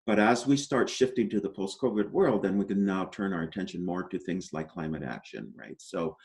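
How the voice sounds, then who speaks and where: Male interview guest, lowish voice, steady measured explainer, leans on "you know" and "right?", upbeat outlook. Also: gravelly. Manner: optimistic explainer. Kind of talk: conversational interview answers.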